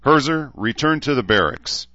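A man voicing a gruff veteran gunnery sergeant who gives clipped, cold orders. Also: medium pitch, lively intonation, moderate pace, bright, forceful tone, dry recording, highs cut off, pitched above the performer's own voice. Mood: stern. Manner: clipped commands.

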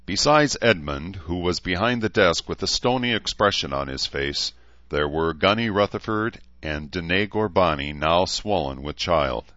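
Deep-voiced male audiobook narrator. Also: expressive, moderate pace, fairly bright tone, no room sound. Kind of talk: scripted narration. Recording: slightly dull lo-fi recording.

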